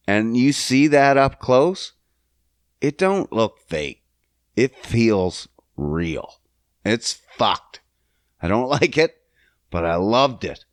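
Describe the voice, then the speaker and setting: A young man hosting a podcast, talking casually and profanely, getting loud and worked up as he rants. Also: medium pitch, dry recording, clean studio sound. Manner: profane, animated, swings loud when worked up. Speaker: podcast host. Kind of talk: casual solo podcast rant.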